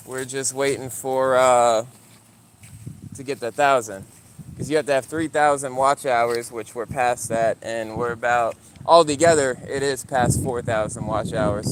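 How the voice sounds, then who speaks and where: A young man chatting casually on a livestream outdoors while walking his dog, getting animated as he tells a story. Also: noisy background. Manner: animated storyteller, voice climbing high when retelling arguments. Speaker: YouTuber streaming live to chat. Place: outdoors in a yard.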